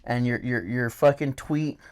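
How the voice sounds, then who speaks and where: A man's voice: medium pitch, a little slow, clear, resonant tone. A middle-aged man co-hosting a casual podcast, telling stories with heavy swearing and mocking quoted voices, on a microphone that peaks and distorts. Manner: profane, animated storytelling with mocking put-on quotes. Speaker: podcast co-host. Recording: peaking, distorted microphone audio.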